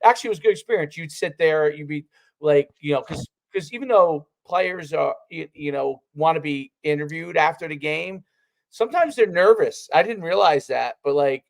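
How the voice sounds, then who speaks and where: A former player reminisces on a casual podcast. His voice sits slightly high, and he rambles, stacking fillers and restarting his sentences. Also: normal speed, gravelly. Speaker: podcast co-host, former college football player.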